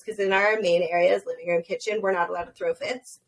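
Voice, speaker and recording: Fast-talking, emphatic young woman. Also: mid-range voice, steady tone, rough recording. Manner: fast, emphatic, frequent "like" fillers. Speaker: podcast guest. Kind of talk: casual podcast chat.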